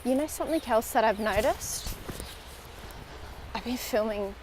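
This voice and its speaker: A woman's voice: fairly high pitch, measured pace, background noise. A young woman, chatting and rambling on a walking vlog outdoors, recorded on a handheld phone, sometimes dropping to a whisper for asides. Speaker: vlogger. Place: outdoors on a riverside walk in a city.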